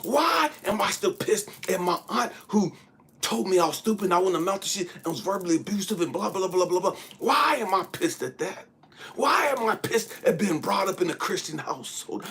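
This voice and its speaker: A man's voice: high voice, pushed and bright, slight background noise. A man giving a blunt, profane spiritual monologue, preaching hard and at times dropping into a whisper. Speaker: spiritual speaker.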